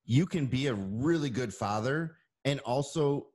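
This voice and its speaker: A man's voice: mid-range voice, unhurried. A man co-hosting a casual podcast chat who jokes, swears and fills his speech with "like". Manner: lively and joking, swears, many fillers. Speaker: podcast co-host.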